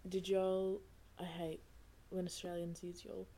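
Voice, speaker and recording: A woman's voice: on the low side, monotone, unhurried, warm tone. A young woman in her twenties co-hosting a podcast, talking in a laid-back, casual way with lots of swearing and fillers. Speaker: podcast co-host. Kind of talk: casual chat.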